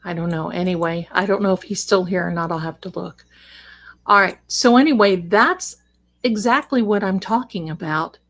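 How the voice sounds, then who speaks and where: A woman hosting a casual livestream from home, chatting with viewers at a desk microphone, rambling warmly and calling them darling and sister. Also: lowish voice, moderate pace. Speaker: livestream host and psychic reader. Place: home, cat on her lap.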